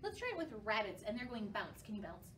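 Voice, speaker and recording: A woman children's librarian leading a storytime, talking to young kids in an animated, playful way. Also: mid-range voice, quick pace, a little hiss or hum. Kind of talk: children's storytime reading and rhymes. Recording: voice from a distance from the mic, faint ukulele. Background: faint ukulele.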